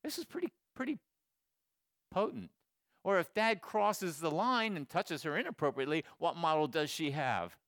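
A man in his sixties giving a sermon to men, swinging from loud exhortation to quiet storytelling. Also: a little high, expressive, normal speed, dry recording, clean studio sound. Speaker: speaker at a men's gathering.

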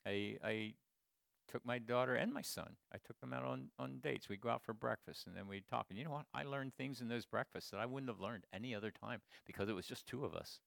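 A man in his sixties giving a sermon to men, swinging from loud exhortation to quiet storytelling. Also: medium pitch, fairly quick, creaky, no room sound, clean studio sound. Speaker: speaker at a men's gathering.

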